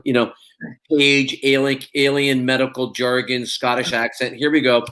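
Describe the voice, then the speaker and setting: A man's voice: mid-range voice, steady tone, quick pace, a bit bright. A man, an actor guest in an interview, chatting casually with plenty of fillers and restarts and frequent laughs. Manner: rambling, many fillers and restarts, laughs often.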